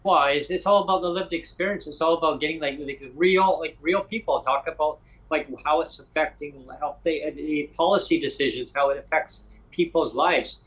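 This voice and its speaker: A man from Canada hosts a casual podcast, his voice sitting a little high for a man. He talks in an animated, rambling way, restarting sentences as his thoughts run ahead. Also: normal speed, few pauses, low-quality recording. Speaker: podcast host.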